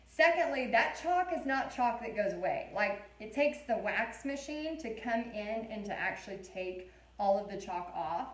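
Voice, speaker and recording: A woman's voice: on the high side, lively intonation, normal speed. A woman in her thirties, an art teacher chatting and telling stories while she leads a casual live painting tutorial. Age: 30s. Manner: chatty, rambling storyteller. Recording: roomy echo.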